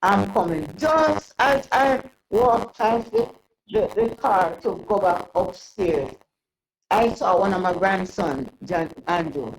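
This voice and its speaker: An older woman telling a long personal story in an interview, rambling and halting with many restarts. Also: medium pitch, expressive, rough recording. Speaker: interview guest. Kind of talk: casual storytelling.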